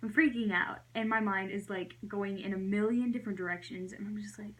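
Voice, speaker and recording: On a low-quality recording, a young woman vlogger chats her way through a storytime video a little fast, her medium-pitched voice spiking whenever she acts out her own reactions. She fills her speech with "like."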